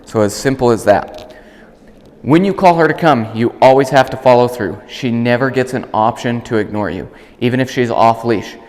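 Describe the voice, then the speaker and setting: A man working as a dog trainer, calmly explaining an outdoor training demonstration and breaking off to call and praise the dog. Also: moderate pace, in a large hall. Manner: calm explaining, bursts of high praise calls to the dog.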